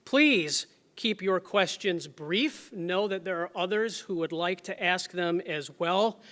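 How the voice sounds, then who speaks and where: A man moderating an event, giving a formal, measured introduction and instructions. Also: sits high, sharp tone.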